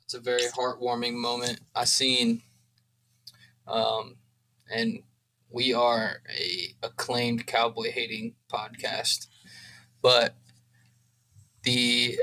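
Earnest man with a bright voice. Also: mid-range voice, little pitch movement, takes it slowly, long pauses, rough recording. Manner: emotional, earnest, rambling. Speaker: podcast co-host. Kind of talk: casual chat.

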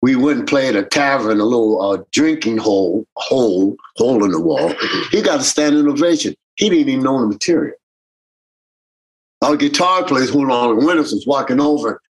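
A man's voice: medium pitch, moderate pace, breathy edge, poor audio. A man, a reggae bandleader telling stories in a casual interview and acting out the voices of people he quotes. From Jamaican American. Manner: animated, acts out quoted voices.

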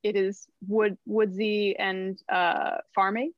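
A woman from New Jersey, a songwriter guest on a podcast, talking in a thoughtful, halting and wryly playful way. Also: medium pitch, flat delivery, no echo. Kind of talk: casual interview chat. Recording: dull lo-fi mic.

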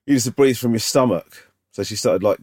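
A man's voice: mid-range voice, a little fast. A man co-hosting a podcast, teasing his friend in dry, sarcastic casual chat. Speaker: podcast co-host.

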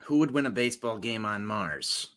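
A man hosting a casual sports podcast, telling stories in an animated, teasing way. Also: lowish voice, normal speed, a loud crowd. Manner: animated storytelling, excitable teasing. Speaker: podcast host.

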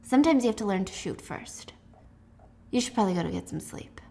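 A woman reading the lines of a cold, ruthless young male military commander in a calm, commanding way, close to her own voice. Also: medium pitch, fairly quick, creaky, slight background noise. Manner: calm, commanding, casually cruel.

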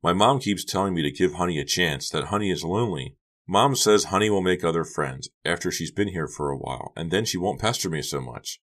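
A man voicing a high-strung, upset teenage girl who talks shrilly and anxiously in an audiobook. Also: brisk, a bit bright. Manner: shrill and agitated. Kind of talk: audiobook character voice.

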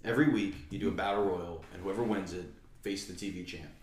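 Podcast co-host, male, lowish voice, rambling and animated, roomy sound. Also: quick pace, far from the mic. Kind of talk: casual chat.

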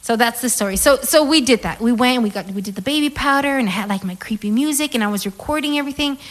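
A woman, chatting casually and telling animated stories full of "like" fillers and swearing. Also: a little high, fast. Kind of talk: casual chat.

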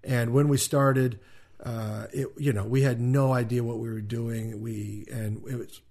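A man's voice: medium pitch, steady tone, measured pace, darkish tone. Rambling male podcast co-host. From Kansas City, USA. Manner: rambling, frequent ums and restarts. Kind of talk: casual chat.

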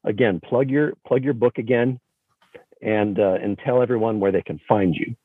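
A man's voice: lowish voice, moderate pace, slightly rough, dry recording. A man hosting a podcast, upbeat and joking as he hands the floor to his guest and thanks the listeners. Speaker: podcast host. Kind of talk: casual podcast chat. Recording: slightly dull, faint music behind.

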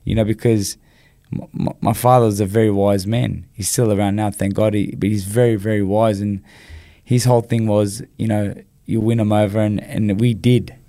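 A man with an Australian accent tells stories on a podcast with lively, animated energy. His voice sits a little low and keeps breaking into quick restarts and "you know" asides. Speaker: podcast guest. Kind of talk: casual storytelling interview.

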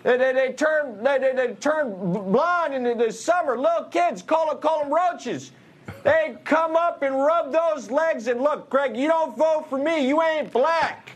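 A man doing an impression of a rambling, confused elderly male politician, stammering and half-shouting. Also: extremely high pitch, a little slow, pitched above the performer's own voice.

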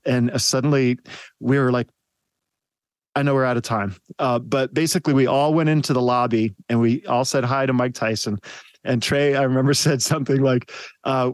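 A man's voice: medium pitch, no echo. A man hosting a podcast, telling a story in a casual, chatty way and laughing often. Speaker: podcast host.

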